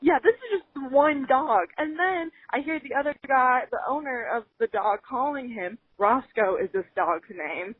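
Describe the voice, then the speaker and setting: A woman co-hosting a podcast, telling an upsetting story in an animated, emotional way, near tears and full of "like". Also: high voice, moderate pace, hardly any pauses. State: close to tears. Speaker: podcast co-host. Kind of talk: casual chat, storytelling. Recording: phone-like audio.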